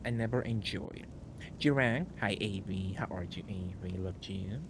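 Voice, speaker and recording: A man's voice: low-pitched, measured pace, noisy background. A man streaming a game live, chatting casually, greeting viewers and rambling in asides. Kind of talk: casual live gameplay commentary.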